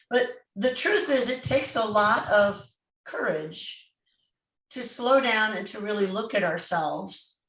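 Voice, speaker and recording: A woman's voice: mid-range voice, fairly bright tone. A woman hosting a podcast, telling an anecdote in an earnest, conversational way. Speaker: podcast host, psychologist. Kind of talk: casual conversation. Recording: roomy, distant from mic.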